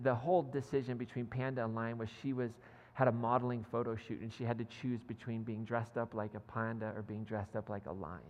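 A male pastor giving a sermon in a church, telling a story in a conversational, self-deprecating way. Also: mid-range voice. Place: church sanctuary. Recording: long hall reverb.

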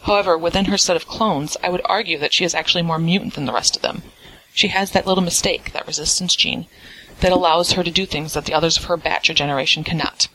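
Young woman, listener voice message, read aloud, earnest, explanatory, fast, bright tone. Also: fairly low pitch, fairly even intonation, slight background noise, poor audio. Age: young adult. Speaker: listener sending audio feedback.

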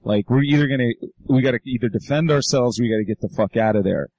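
A man's voice: mid-range voice, fast, a little mellow, dry recording, poor audio. Rambling, swearing man musing. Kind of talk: casual chat.

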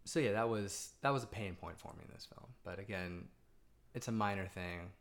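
Woman with a super low voice, playful co-host chat about a movie. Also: a little fast. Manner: chatty, playful asides. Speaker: podcast co-host. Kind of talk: casual film review chat.

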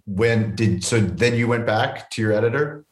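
A man's voice: lowish voice, normal speed, echoey room. A man hosting a podcast and chatting casually and enthusiastically with his guest. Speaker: podcast host. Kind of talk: casual interview.

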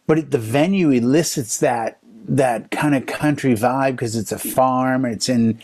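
A man in his fifties, a DJ, telling a string of stories in a relaxed chat. His pitch sits in a middle range, and he gets animated as he acts out what other people said. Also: a little slow. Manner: animated storyteller, voices other people's lines in quotes. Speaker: DJ and podcast co-host. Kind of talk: casual chat.

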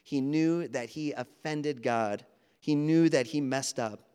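A man's voice: medium pitch, slow pace, darkish tone, smooth. A man preaching an earnest, conversational sermon, acting out quoted dialogue as he goes. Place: church sanctuary. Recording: long hall reverb.

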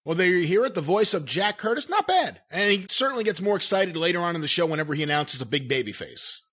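Higher-voiced man hosting a chat. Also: very animated, quick pace, sharp tone. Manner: leads the talk, cues clips. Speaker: podcast host. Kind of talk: casual commentary chat.

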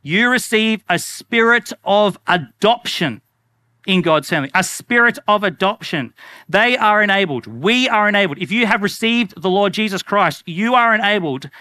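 A man's voice: sits high, expressive, moderate pace, bright, forceful tone, clear, resonant tone, no echo. A man preaching an earnest, conversational sermon as a pastor, repeating phrases for emphasis.

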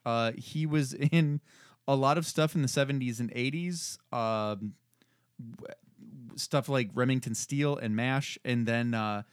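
A man co-hosting a casual chat, working through cast credits with plenty of ums and pauses. His voice sits at an ordinary pitch and is recorded close and dry, with no room sound. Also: smooth, no echo. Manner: reads credits and synopses with fillers. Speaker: podcast co-host.

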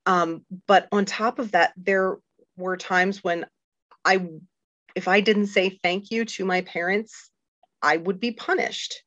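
A woman's voice: medium pitch, fairly even intonation, slow, a bit bright, no room sound. A middle-aged woman, a guest on a faith podcast, talking candidly and earnestly with many fillers and restarts. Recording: dull lo-fi dry recording.

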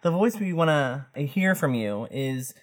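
Low-voiced husky woman co-host. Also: animated, a little slow. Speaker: podcast co-host. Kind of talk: casual podcast chat.

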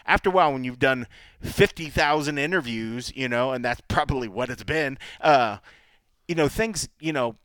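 A man with a mid-pitched voice co-hosts a podcast, telling stories and acting out what people said. His voice sounds close and dry. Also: normal speed, clean tone, no room sound. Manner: animated storytelling, acts out quotes. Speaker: podcast co-host. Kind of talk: casual chat. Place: Las Vegas, Nevada.

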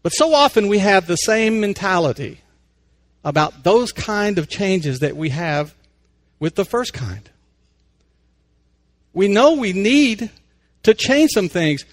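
A man with a notably high voice hosts a faith-based inspirational radio segment. He talks in an easygoing, conversational way, telling a story and then reflecting on it without hurrying. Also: very animated, unhurried, long pauses. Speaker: radio host and life coach.

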